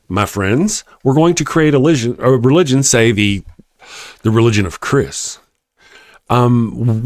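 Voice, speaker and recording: Animated Texan man hosting a livestream. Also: a little high, dry recording, studio quality. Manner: chatty, laughs often, joking asides. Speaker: livestream host. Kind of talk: casual livestream chat reading comments.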